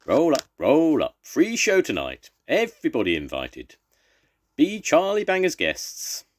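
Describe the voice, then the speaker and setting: A jolly circus ringmaster, as a grandfather puts him on for a storybook reading. He booms out his calls like a showman. The voice sits high and swings widely in pitch. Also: wildly swooping pitch, measured pace, full character voice. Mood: announcing.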